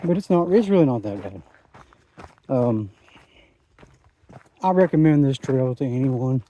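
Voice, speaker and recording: A man's voice: medium pitch, lively intonation, measured pace, dark tone. A man, talking in a rambling, enthusiastic way into his phone while out hiking a mountain trail. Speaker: hiking vlogger. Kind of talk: casual trail vlog. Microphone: phone camera.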